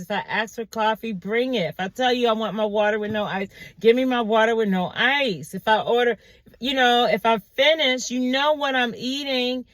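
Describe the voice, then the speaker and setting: A woman vlogger tells a story in a casual monologue, animated and exasperated, voicing the quotes in a higher pitch. There's no echo on the recording.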